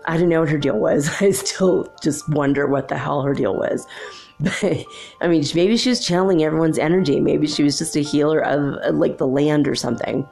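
A woman tells a rambling personal story in a low, gravelly voice, full of fillers and easy laughs. She speaks in a casual, unscripted way. Faint music sits behind her. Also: brisk, darkish tone.

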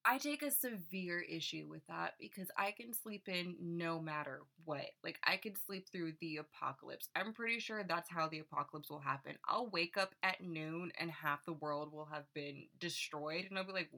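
A woman's voice: lowish voice, animated, moderate pace, creaky, hardly any pauses, pushed and bright. Wry, chatty young woman co-host. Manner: wry, chatty, laughs often, adds side comments. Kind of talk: casual storytelling chat.

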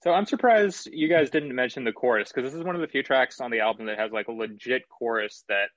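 A man hosting a casual album review chat, talking in an analytical and measured way with some swearing. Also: medium pitch, a bit bright, no echo, dull audio.

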